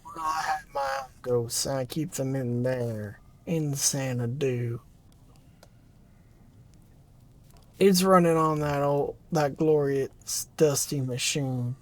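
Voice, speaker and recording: A performer reading a narrative game aloud, voicing a gloomy aging scientist in a hushed, low, drawn-out way. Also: close to an everyday voice. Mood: weary. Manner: mournful, brooding, dwells on loss. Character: gloomy aging scientist who calls himself a king. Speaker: game character voice.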